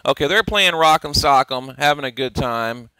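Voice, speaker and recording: A man's voice: medium pitch, lively intonation, moderate pace, sharp tone, smooth, no room sound. A man hosting a casual boxing commentary, talking over clips in a rambling, profane, opinionated way with frequent restarts. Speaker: boxing channel host.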